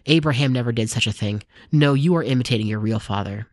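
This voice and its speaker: Calm authoritative teacher read by a guy, steady and earnest, dry close sound. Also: medium pitch, fast, no room sound, natural voice. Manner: steady, earnest scripture reading.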